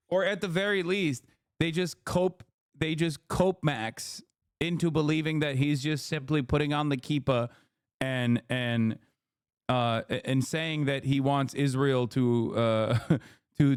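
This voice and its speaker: A man's voice: medium pitch, no echo, clean studio sound. A man streaming live, giving casual, profane and sarcastic commentary on the news.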